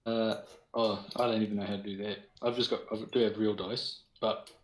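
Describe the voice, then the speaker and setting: A man's voice: on the low side, flat delivery, fairly quick, slight background noise. A man with a New Zealand accent playing a tabletop game casually, unsure and trailing off as he works out his rolls. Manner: hesitant, trailing off mid-sentence. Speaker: player. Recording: echoey room.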